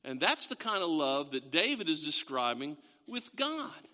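Animated, bright-voiced man preaching in a hall. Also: sits high, moderate pace, few pauses. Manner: animated, rising emphasis on quoted scripture. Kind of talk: sermon.

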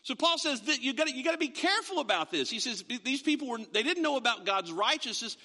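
A man preaching with a high, bright voice that leaps up and down as he acts out the people he describes. His sermon rings through a large hall with a long reverb. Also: fast talker. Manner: animated, acts out imagined voices. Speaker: pastor.

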